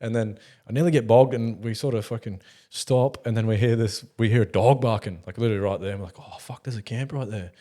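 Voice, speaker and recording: A young Australian man rattles off stories at a quick clip, sprinkling in swears and laughter as he goes. His delivery is loose and animated, the kind of casual yarn-spinning you hear between mates on a podcast. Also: lowish voice. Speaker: podcast guest. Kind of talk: casual storytelling chat.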